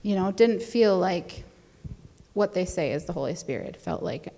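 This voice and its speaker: Chatty young woman with a gravelly low voice. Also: lively intonation, normal speed, dark tone, in a large hall, a little hiss or hum. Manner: chatty, rambling with fillers and laughs. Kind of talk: casual conversation.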